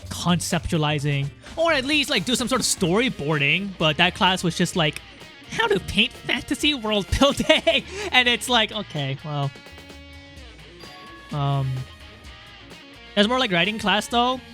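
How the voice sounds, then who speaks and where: A man's voice: a little high, animated, measured pace, long pauses, bright, forceful tone, faint music behind. A young man streaming a game in casual chat, rambling, swearing and reading game lines aloud.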